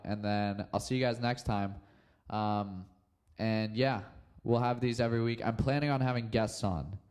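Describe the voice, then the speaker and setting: A young man talks through a solo podcast in a loose, rambling way, leaning on fillers. His voice sits fairly low and comes across smooth and clear. He sounds relaxed and unscripted. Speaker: podcast host. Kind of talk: casual solo podcast chat.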